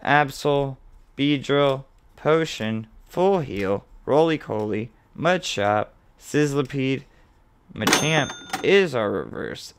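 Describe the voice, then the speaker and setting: A man hosting his own video, calmly listing card names as he opens packs and getting excited at the good pulls, with the odd swear word. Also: medium pitch, takes it slowly, slight background noise. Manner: relaxed, mildly profane. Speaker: host. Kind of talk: casual card-opening commentary.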